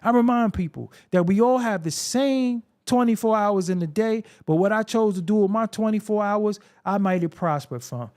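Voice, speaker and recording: A man's voice: high-pitched, a little mellow. A man hosting a solo hip-hop commentary show, talking bluntly and profanely, with a confrontational, preaching manner. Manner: repetitive, preaching.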